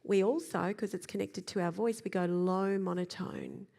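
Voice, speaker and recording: A woman giving a live talk about children's behaviour, explaining in a lively way and acting out little examples. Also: mid-range voice, moderate pace, creaky. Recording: long hall reverb.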